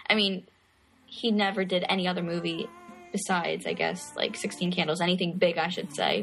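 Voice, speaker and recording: A woman co-hosting a casual chat about a movie, chatty and quick to laugh. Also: fairly low pitch, fairly bright tone. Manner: chatty, laughs often, acts out quotes. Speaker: podcast co-host.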